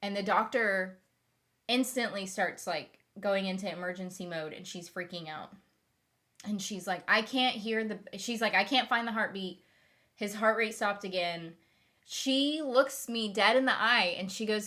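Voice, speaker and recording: A woman's voice: mid-range voice, a little slow, pushed and bright. A young woman telling a long personal story in a casual vlog, rambling with fillers and restarts. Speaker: vlogger.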